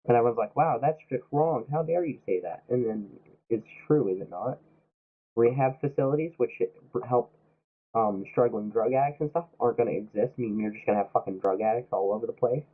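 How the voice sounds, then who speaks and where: Young man, sick, heated rant, heavy swearing, mid pitch, phone-like lo-fi sound. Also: a little fast. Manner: heated, swearing, mock-quoting others. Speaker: streamer. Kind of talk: profane political rant while streaming a game. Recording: tinny, phone-like lo-fi audio.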